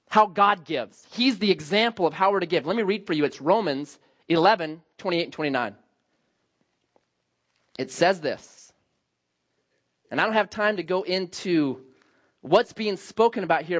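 A man in his forties preaching a sermon, telling a personal story and acting out his younger self in lively bursts. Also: dull audio. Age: 40s. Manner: animated, acts out his younger self with high excited outbursts. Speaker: pastor.

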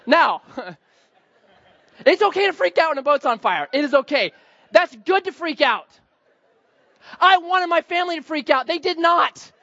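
High-voiced guy preaching, tells a funny story on himself, bit of a dull lo-fi sound. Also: moderate pace, vocal fry, long pauses, a faint crowd. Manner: animated storyteller, laughs at himself. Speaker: pastor. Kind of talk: sermon with humorous story.

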